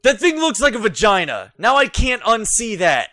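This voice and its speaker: A man's voice: sits high, very animated, moderate pace, few pauses, pushed and bright, dry recording, soft background music. A young man giving frustrated let's play commentary, swearing a lot and muttering to himself as he plays. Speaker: gaming YouTuber.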